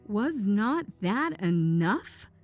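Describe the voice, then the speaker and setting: A woman voicing a frightened old husband who speaks slowly and tremblingly. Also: warm tone, soft background music, natural voice. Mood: fearful. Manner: low, slow and trembling.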